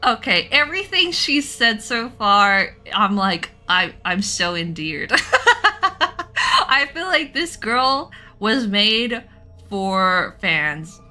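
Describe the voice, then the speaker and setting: Young woman, game streamer, giggly, playful, very bright voice, lively pitch. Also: very slow, faint music behind. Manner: giggly, playful, talks to chat. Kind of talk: casual gameplay commentary.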